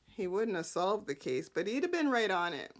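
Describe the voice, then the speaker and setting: A woman hosting a casual soap-opera recap, sassy and animated, often breaking into character quotes. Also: mid-range voice, moderate pace. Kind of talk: casual chat.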